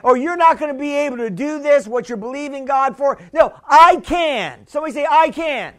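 Very high-voiced preacher, chatty. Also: male voice, brisk, a bit bright. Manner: chatty, laughing, calls and responses. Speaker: pastor. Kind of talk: sermon.

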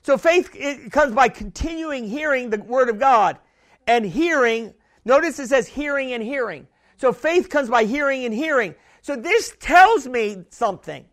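Male preacher, very high voice, emphatic and repeating himself, building to shouts. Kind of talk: sermon.

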